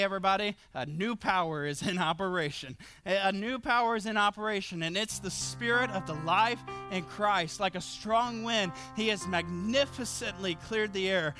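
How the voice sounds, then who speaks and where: A man preaching a sermon as pastor to his congregation, earnest, repeating key phrases with light laughs. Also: sits high. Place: church with congregation.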